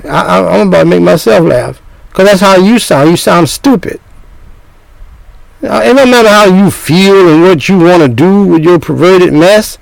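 A man's voice: high-pitched, moderate pace, vocal fry, no echo, low-quality recording. An older man preaching a sermon, scolding his listeners with repeated points and rhetorical questions.

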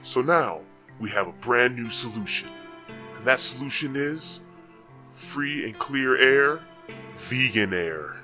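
A man voicing a salesy male announcer in a mock grocery commercial, drawing out his words slowly. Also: medium pitch, expressive, sharp tone, full character voice. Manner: slow, salesy, drawn-out words. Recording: dull lo-fi sound with music.

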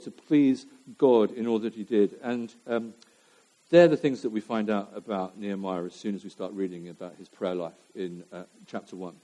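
A man's voice: medium pitch, warm tone. A man preaching a sermon to his church, talking in a conversational way with fillers and repeated phrases.

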